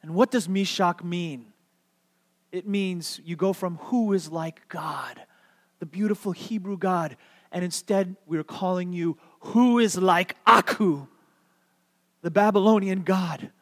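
Male pastor, high voice, animated sermon storytelling, long hall echo. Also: slow. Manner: animated storytelling, repeats key words for emphasis; playful, asks the audience questions.

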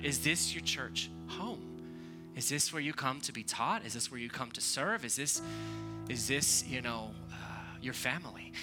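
A man, preaching a sermon in a conversational, animated storytelling way. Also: medium pitch. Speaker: pastor.

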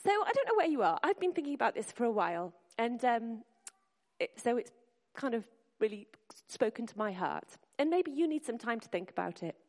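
Woman preacher, slightly high voice, earnest and encouraging, live in a big echoey church hall. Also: very animated, brisk, darkish tone. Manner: earnest, encouraging, speaks to the congregation directly. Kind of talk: sermon. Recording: long hall reverb.

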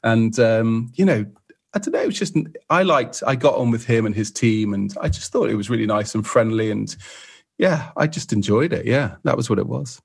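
A middle-aged man from England tells rambling, self-deprecating stories in a relaxed podcast chat. His voice is gravelly with a husky edge, and he breaks into the voices of people he's quoting. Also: mid-range voice, normal speed. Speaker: podcast guest and co-host photographer. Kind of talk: casual storytelling chat.

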